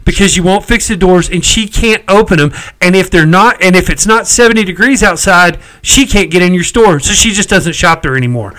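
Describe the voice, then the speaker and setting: A middle-aged man tells a story in a casual chat. His voice sits high and rings bright. He sounds exasperated and swears freely. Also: poor audio. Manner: chatty, exasperated, salty language.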